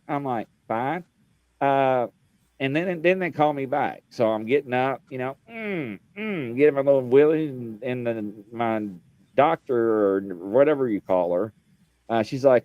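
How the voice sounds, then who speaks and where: A man's voice: mid-range voice, expressive, unhurried, dry recording, highs cut off. A man co-hosting a live show, telling rambling funny stories about his day and laughing at himself. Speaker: podcast co-host. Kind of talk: casual live-stream banter.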